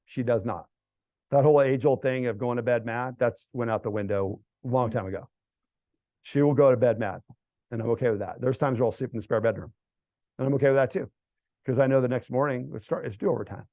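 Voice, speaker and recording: A middle-aged American man speaking casually to a church group, telling stories that build to loud, animated outbursts. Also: medium pitch, fairly quick, no echo. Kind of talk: casual storytelling talk to a group. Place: church hall event.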